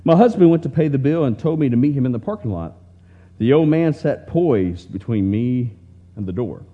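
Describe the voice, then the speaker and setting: Male preacher, mid-pitched, unhurried tender storytelling; muffled lo-fi recording. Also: lively intonation. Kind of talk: slow, heartfelt story reading in a sermon. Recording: dull lo-fi recording.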